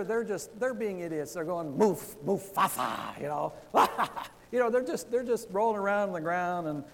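A male pastor with a fairly high voice gives a relaxed, conversational sermon and keeps breaking into asides. His words ring out with the long reverb of a church hall. A faint hum sits under the recording. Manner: conversational, chatty with asides and laughter.

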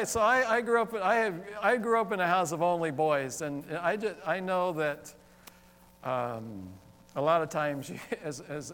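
A male pastor preaching a sermon, talking with the congregation and acting out exclaimed questions in an animated way. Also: high voice, big-room sound. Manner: animated, interacts with congregation, acts out quoted exclamations. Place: church sanctuary.

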